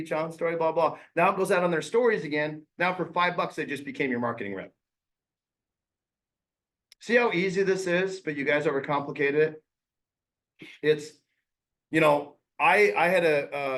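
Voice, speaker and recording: A man coaching real estate agents in a casual, blunt way, using slang and quick impressions of clients. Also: on the high side, fairly bright tone.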